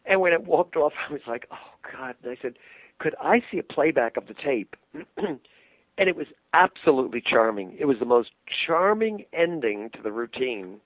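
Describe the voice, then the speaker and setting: An older man, a puppeteer, telling animated anecdotes in an interview and laughing easily. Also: fairly high pitch, normal speed, no echo. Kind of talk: interview storytelling. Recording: tinny phone-line sound, dry.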